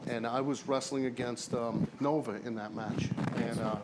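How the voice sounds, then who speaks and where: A man of middling pitch tells long, rambling wrestling stories in a casual interview, swearing freely. He jumps between people and imitates them along the way. A faint noise sits under the recording. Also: fairly even intonation, moderate pace. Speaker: interview guest, former pro wrestler.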